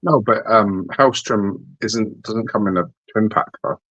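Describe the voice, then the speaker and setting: A man's voice: lowish voice, a little slow, a bit bright, no echo, lo-fi sound. A man co-hosting a podcast in casual chat, rambling and repeating words, with the odd swear. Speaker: podcast co-host.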